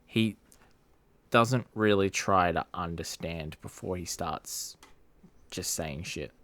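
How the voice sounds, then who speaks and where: A man's voice: sits low, slow pace, fairly bright tone. A man co-hosting a casual film review podcast, talking hesitantly with lots of "like" and "you know". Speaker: podcast co-host.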